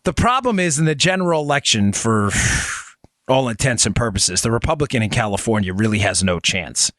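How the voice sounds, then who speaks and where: A man hosting a political talk podcast, talking casually and animatedly, with quick asides and sudden raised emphasis. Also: dry recording, studio quality. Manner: animated, conversational, swings between low asides and high emphasis. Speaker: podcast host. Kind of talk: political talk show with ad read.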